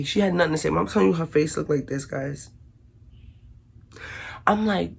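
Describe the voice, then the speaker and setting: A woman telling a casual storytime to her viewers, slangy and animated, acting out what everyone said. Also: low-pitched, normal speed, gravelly, pauses often, slightly rough. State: recovering from illness. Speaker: vlogger.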